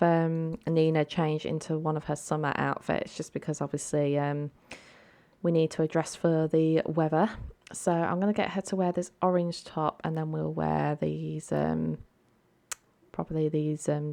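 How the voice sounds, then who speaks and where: A woman's voice: sits low, steady tone, normal speed, gravelly, darkish tone. A woman hosting a let's play, giving casual, chatty game commentary and talking to her viewers. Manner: chatty, many ums and asides to viewers.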